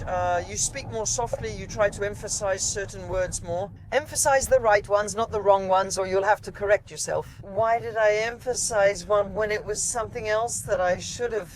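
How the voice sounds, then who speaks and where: A woman's voice: medium pitch, background noise. A woman, an automotive TV journalist, chatting casually from inside a car and explaining things with many asides. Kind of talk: casual conversation.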